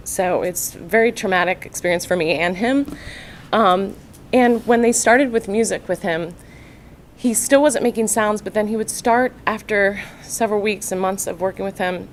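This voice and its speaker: A woman addresses a county board as a parent giving testimony. She sounds nervous and halting, with plenty of fillers, and her voice sits at an everyday middle pitch. A faint low rumble runs underneath. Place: public meeting room.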